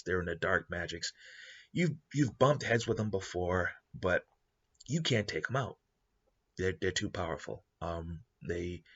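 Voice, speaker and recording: Husky-voiced man pitching a story idea. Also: muffled recording. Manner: animated, acts out quoted characters in passing. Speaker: podcast host. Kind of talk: casual story pitch monologue.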